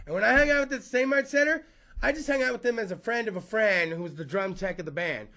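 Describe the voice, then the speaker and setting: A man's voice: high-pitched, fast talker, sharp tone. A man hosting a podcast, telling rambling comic stories full of profanity and frequent laughter. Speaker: podcast host. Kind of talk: comedic storytelling monologue.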